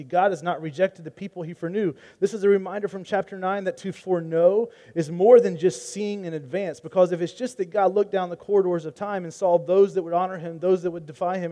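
Male pastor, mellow tone, earnest conversational sermon delivery. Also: fairly high pitch. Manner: earnest, conversational preaching with restarts.

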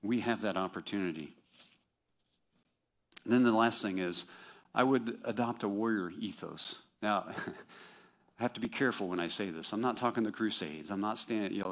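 A man's voice: lowish voice, moderate pace, fairly bright tone. A man preaching a sermon in a conversational, self-deprecating way, with sarcastic mock quotes.

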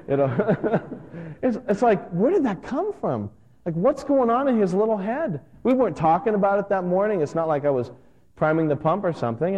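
A man in his thirties, a pastor, giving a conversational and earnest sermon that gets animated at times. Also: medium pitch. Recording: dull lo-fi sound with long hall reverb.

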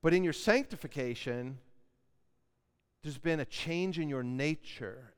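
Male preacher, higher-pitched, earnest, emphatic, reverberant church room. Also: measured pace, clean tone. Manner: earnest, building emphasis on key words. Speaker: pastor. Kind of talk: sermon. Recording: long hall reverb.

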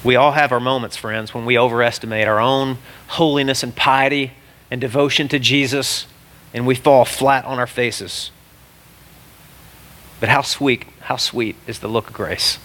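A man preaching a sermon as a pastor, animated and exclamatory, swinging from loud cries to hushed asides. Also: medium pitch, normal speed, a little hiss or hum.

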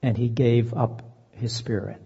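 A man preaching a sermon in an earnest voice, slowing down to stress key phrases. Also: mid-range voice, fairly even intonation, vocal fry, warm tone, slightly rough. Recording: dull lo-fi sound, long reverb.

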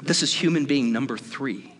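A male pastor preaching a conversational, lively sermon, often breaking off mid-sentence. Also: mid-range voice, normal speed, slightly rough. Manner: conversational, self-interrupting, lively. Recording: long hall reverb.

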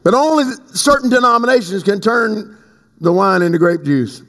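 A man preaching a sermon as pastor, swinging between slow emphatic stretches and sudden high leaps. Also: animated, a bit bright. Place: church sanctuary. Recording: long hall reverb.

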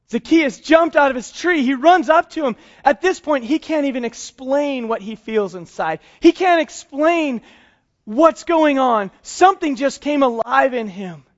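A male pastor preaching a sermon, telling a story and acting out its quotes in soft, hushed tones. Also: very high-pitched, lo-fi sound.

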